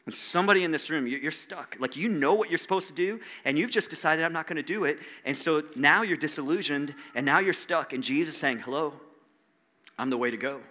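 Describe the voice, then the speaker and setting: Middle-aged male pastor, high and tense, chatty sermon full of rhetorical questions. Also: quick pace, few pauses, sharp tone. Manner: conversational preaching with rhetorical questions to the room.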